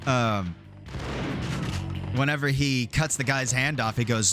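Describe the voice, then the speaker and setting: A man's voice: medium pitch, unhurried, long pauses. A man doing casual let's-play commentary, chatty, swearing often and laughing. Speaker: streamer playing a game. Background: game music.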